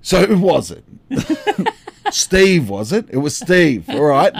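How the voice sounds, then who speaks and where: A man's voice: sits high, slow pace, creaky, slightly rough, no echo. A man in his thirties, a podcast co-host telling a story in casual chat, acting out the dialogue with laughs. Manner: animated, acts out dialogue with laughs.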